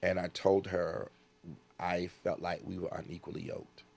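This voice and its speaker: A man's voice: deep voice, little pitch movement, a little slow, vocal fry, a little mellow, slightly rough. A man from the United States, a guest in an interview, telling a personal story earnestly and acting out what people said.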